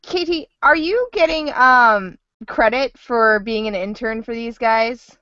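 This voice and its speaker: A woman hosting a podcast interview, excitable and friendly with her guests. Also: fairly high pitch, slow pace, dry recording. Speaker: podcast host. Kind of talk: casual interview. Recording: muffled with background crowd chatter.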